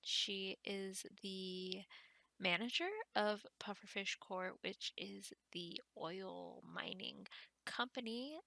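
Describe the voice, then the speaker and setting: A woman's voice: mid-range voice, fairly even intonation, slow, gravelly, sharp tone, dry recording. A woman hosting a gaming channel, giving casual let's-play commentary in a chatty, rambling way as she thinks aloud.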